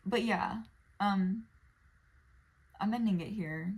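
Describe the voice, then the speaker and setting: A woman's voice: medium pitch, slow pace, a little mellow. A woman talking casually to camera, rambling through asides and swearing freely. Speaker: video creator. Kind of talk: casual vlog analysis.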